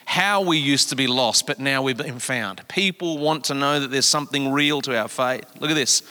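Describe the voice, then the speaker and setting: A middle-aged man preaching a sermon, emphatic, swinging between hushed and raised lines. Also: mid-range voice, normal speed. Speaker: pastor. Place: large church auditorium. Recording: long hall reverb.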